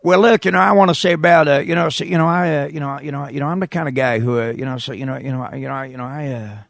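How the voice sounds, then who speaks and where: A man's voice: a little high, fast talker, vocal fry, no echo, studio quality. Man doing a stammering rambling president. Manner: stammering, filler-packed. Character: rambling halting male president, stumbling through a speech.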